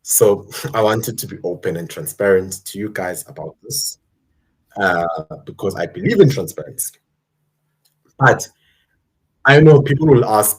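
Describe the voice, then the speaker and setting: Husky-voiced man ranting about politics. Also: fairly low pitch, lively intonation, measured pace, long pauses, rough recording. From South Africa. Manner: emphatic, ranting, addresses viewers directly. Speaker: channel host. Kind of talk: live stream political commentary.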